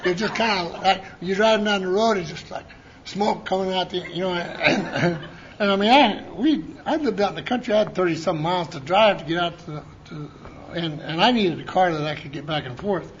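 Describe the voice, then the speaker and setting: A high-voiced man tells stories at a conference in a folksy, rambling way, often restarting his sentences and putting on the voices of people he quotes. The recording is dull and lo-fi, with a faint hiss under his voice. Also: fairly quick. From Montana. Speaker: conference speaker. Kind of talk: recovery talk storytelling. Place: conference hall. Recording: lo-fi conference tape.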